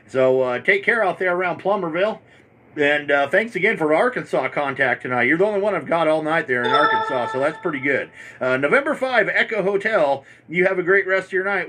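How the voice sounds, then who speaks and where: A man's voice: on the high side, bright, forceful tone, a little hiss or hum. A man working an amateur radio station from home, chatting casually and rambling on, worn out after hours on air.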